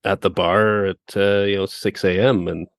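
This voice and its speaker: A man with a low voice co-hosts a relaxed podcast chat. He mostly answers briefly in agreement and adds easy comments. The sound is dry and close. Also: moderate pace, dry recording. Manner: short agreeing replies, relaxed. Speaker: podcast co-host. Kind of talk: casual chat.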